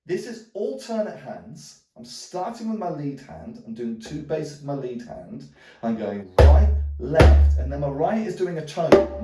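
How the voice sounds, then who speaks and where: A man's voice: mid-range voice, reverberant, far from the mic. A man teaching a djembe lesson, rambling with lots of "sort of" and "um", calling out drum strokes as he plays. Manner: calls out drum strokes aloud while playing. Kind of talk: hands-on music lesson. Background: djembe drumming.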